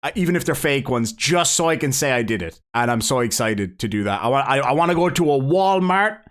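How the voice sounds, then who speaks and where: A man's voice: medium pitch, fairly quick. Rambling Cork Irish man on a live stream. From Ireland. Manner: rambling, jokey, excitable. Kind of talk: casual live-stream chat reading donations.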